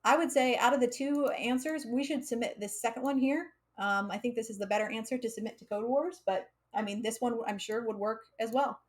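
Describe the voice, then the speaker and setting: A woman's voice: on the high side, a little fast, few pauses. Chatty American woman teaching code. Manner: chatty, laughs often, uses fillers like um and like. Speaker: coding instructor streaming live. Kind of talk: casual live coding lesson.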